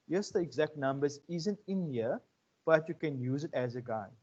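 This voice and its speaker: A man teaching a class in a loose, conversational way, forever checking in with his listeners. His voice sits a little high for a man. The audio is dull and lo-fi. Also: expressive, normal speed, a little mellow, slightly rough. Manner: conversational, checks in with 'right?' and 'okay?'. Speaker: lecturer. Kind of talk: online economics lecture. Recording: muffled lo-fi audio.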